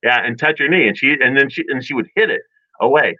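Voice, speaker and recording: A man casually telling childhood stories in a rambling, animated way, with many restarts and chuckles. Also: mid-range voice, fast talker, dry recording. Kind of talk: casual storytelling chat. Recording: dull dry lo-fi sound.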